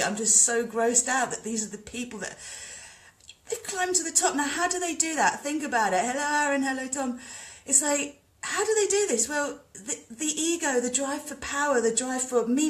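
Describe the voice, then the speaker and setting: A woman, a spiritual teacher, talking in a rambling, animated way on a live stream and leading a guided meditation. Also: fairly high pitch, normal speed. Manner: animated, rambling, greets viewers. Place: indoors by the sea.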